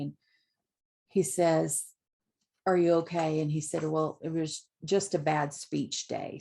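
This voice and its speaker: Slow, gravelly woman presenting books. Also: deep voice. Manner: slow, relaxed retelling with many ums. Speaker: literacy educator sharing picture books. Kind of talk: informal book talk to teachers.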